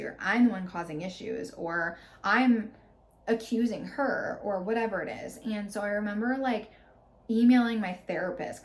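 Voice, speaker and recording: Woman host, thirties, candid personal storytelling with an animated, filler-heavy delivery, recorded in a roomy space. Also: medium pitch. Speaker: podcast host. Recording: roomy echo.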